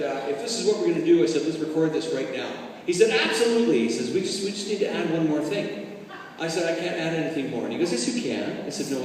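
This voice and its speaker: A man recounting a comic story to a live audience, animated and acting out the voices and drum parts he describes. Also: a little high. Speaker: drummer telling a story. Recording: roomy hall from far off, music behind.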